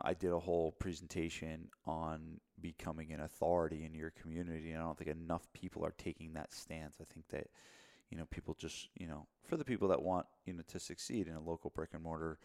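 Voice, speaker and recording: A man's voice: rumbling low, flat delivery, fairly quick, a little mellow. A man co-hosting a podcast, talking casually about running a gym, rambling and repeating himself with lots of "you know" fillers. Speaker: podcast co-host, gym owner.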